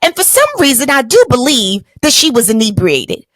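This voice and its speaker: A woman hosts a motivational podcast and tells her own story with a high, lively voice that climbs and drops a lot. She talks in an emphatic, colloquial way and speaks straight to her listeners. The sound is dry and close. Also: normal speed, no echo. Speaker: podcast host.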